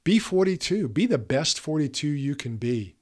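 A man's voice: a little high, very animated, normal speed, a little mellow. A man in his fifties hosting a podcast, giving an earnest, emphatic motivational talk straight to his listeners. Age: 50s. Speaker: podcast host.

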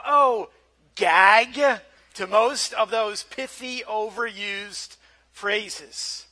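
Man preaching a sermon, high voice, very bright tone, casual and conversational, stumbles over starts of phrases. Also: extremely slow. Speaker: pastor.

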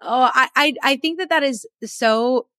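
A woman's voice: sits high, unhurried, sharp tone, no room sound, clean studio sound. A woman hosting a podcast interview, prompting her guest and reflecting on his answers. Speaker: podcast host.

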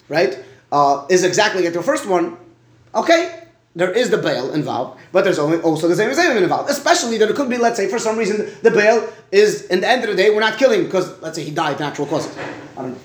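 Fast-talking, halting man teaching Talmud. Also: high voice, animated, echoey room. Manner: halting, repeats words, asks "right?" often. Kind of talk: Talmud study lesson.

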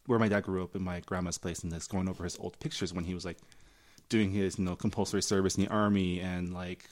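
A man with a very low voice talks quickly on a podcast. He is relaxed and laughs easily, filling his speech with "like" and "you know.". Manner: relaxed, laughs often, lots of fillers. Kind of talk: casual chat.

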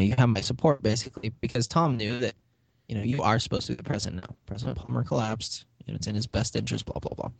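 A man's voice: mid-range voice, creaky, no echo. A man with a mid-range voice talks through a TV plot in a casual podcast chat and slips into the characters' lines as he goes. The sound is close and dry, with no room around it. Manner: lively retelling, acting out characters' lines with laughs. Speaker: podcast host. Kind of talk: casual chat recapping a TV episode.

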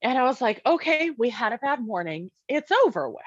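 A woman's voice: on the high side, big pitch swings, fairly quick, dry recording, dull audio. A woman casually telling a personal story as a parent, talking conversationally with many fillers and acting out quoted dialogue.

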